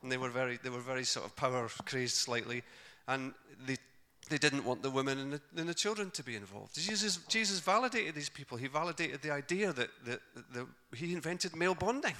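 Male preacher, bright forceful voice, animated storytelling with character voices. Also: medium pitch, a little fast, few pauses. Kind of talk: sermon.

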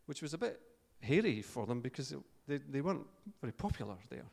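Scottish preacher in a reverberant hall. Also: male voice, on the high side, lively intonation, quick pace, creaky, hardly any pauses, a little mellow. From Scotland. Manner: chatty, joking asides, frequent fillers and restarts. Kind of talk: informal sermon with storytelling.

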